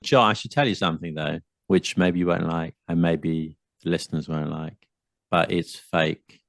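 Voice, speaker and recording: A man's voice: low voice, fairly even intonation, normal speed, gravelly, no room sound, clean studio sound. A man co-hosting a podcast, playful and talkative, who likes to exaggerate for fun. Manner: playful, jumps into put-on accents. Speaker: podcast co-host. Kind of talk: casual chat.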